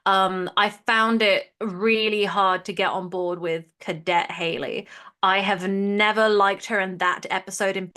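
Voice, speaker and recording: A woman co-host talks through an episode rating in loose, rambling chat, breaking off and starting her sentences over. Her voice is bright and forward, with easy laughter running through it. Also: mid-range voice, steady tone, unhurried, clean tone. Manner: chatty, giggly, restarts often. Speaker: podcast co-host. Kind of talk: casual rewatch chat.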